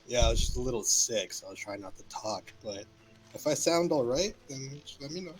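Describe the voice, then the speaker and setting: A man chatting casually with a friend during a game, relaxed and quick to laugh along. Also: mid-range voice, faint music behind. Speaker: fellow player. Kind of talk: casual gameplay chat.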